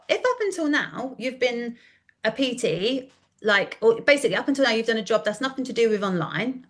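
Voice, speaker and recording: A woman in her thirties, a content coach talking in a casual podcast interview, chatty and animated, often acting out quoted dialogue. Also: fairly high pitch. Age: 30s.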